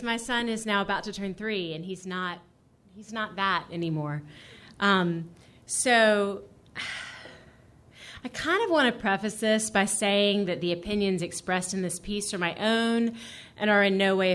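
Kobieta czytająca własny esej z ironią. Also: female voice, mid-range voice, a little slow, fairly bright tone, a little hiss or hum. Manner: dry, wry humor, brief laughs. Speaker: featured reader. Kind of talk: reading her own essay aloud.

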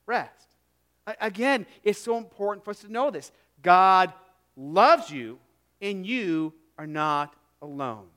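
A middle-aged man preaching a sermon as pastor, earnest and emphatic, dropping to a hush on key phrases and repeating words as he goes. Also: sits high, lively intonation, slow pace.

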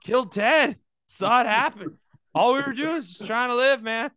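A man voicing a panicked squirrel complaining loudly about a dangerous neighbor. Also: very high-pitched, normal speed, voice pushed up. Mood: indignant. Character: panicked male squirrel, indignant and loud.

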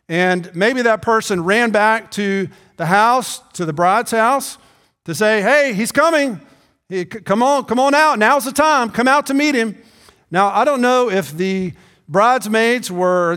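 A man's voice: sits high, a bit bright. A man preaching a sermon as the pastor, talking conversationally, often repeating words and asking the congregation questions. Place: church sanctuary. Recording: long reverb in a church hall.

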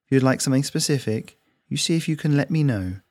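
Male reader doing a soft, purring female cat groomer, calm and caring, pitched up, dry close read. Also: fast, no echo, natural voice. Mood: soothing. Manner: low, even, almost purring voice.

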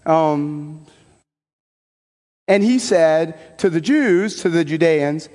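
A man preaching a homily as a priest, in a conversational and animated way with folksy asides. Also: fairly high pitch, a little slow. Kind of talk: sermon. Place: church. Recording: long church reverb.

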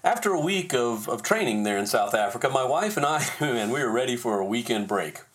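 Animated self-deprecating male storyteller. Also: mid-range voice, brisk. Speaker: podcast host. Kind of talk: personal storytelling.

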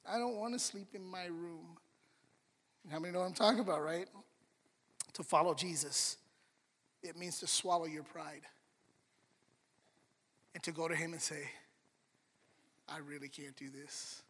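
A middle-aged man preaching a sermon and telling a family story with animated swings between soft and loud talk. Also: fairly high pitch, a little slow, pauses often, husky, long reverb tail. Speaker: pastor.

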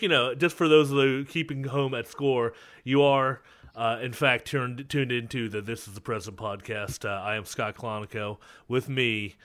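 A man hosting a podcast in loose, chatty banter, often breaking into laughter. His voice is bright and forward, at a middling pitch, and he rambles cheerfully between jokes. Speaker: podcast co-host.

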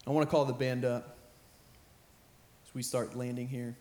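A young man, a high school pastor, preaching an earnest sermon that repeats phrases and builds in intensity. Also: flat delivery, normal speed, darkish tone. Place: church sanctuary with band playing behind. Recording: roomy church hall with live music.

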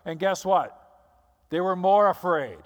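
A man's voice: high-pitched, unhurried. A man preaching a sermon as pastor, telling the story dramatically and acting out the scenes. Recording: long hall reverb.

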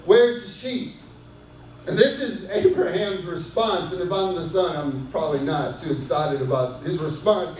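Male pastor, high-pitched, casual and lively, keeps checking in with the congregation; distant, roomy sound with faint noise. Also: normal speed, hardly any pauses. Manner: conversational and enthusiastic, asks the crowd often. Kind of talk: sermon. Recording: echoey hall from far off, faint noise.

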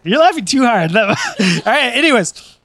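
A male pastor preaching a sermon in a high, bright voice, close and dry on the mic. He swings from lively joking to earnest, softer stretches. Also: moderate pace, dry recording. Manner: energetic and joking, then earnest and soft. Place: church.

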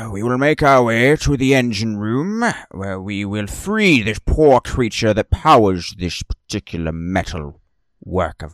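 A man's voice: on the low side, fairly bright tone, dry recording, full character voice. A man voicing a lizardfolk shaman in a tabletop game, speaking in grave, proclaiming tones. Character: imposing male lizardfolk shaman, solemn threatening.

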